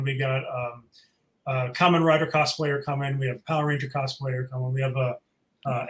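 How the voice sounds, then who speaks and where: A man's voice: a little high, fairly bright tone, echoey room, low-quality recording. A man casually chatting as an event organizer, enthusiastic and rambling with fillers, his throat a little sore. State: sore throat, sucking a cough drop. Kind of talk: casual interview chat.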